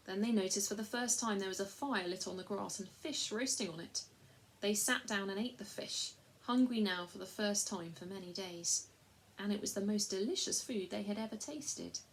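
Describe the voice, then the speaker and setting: A woman reading a children's storybook aloud at a measured, even pace. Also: medium pitch, a little hiss or hum. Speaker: reader.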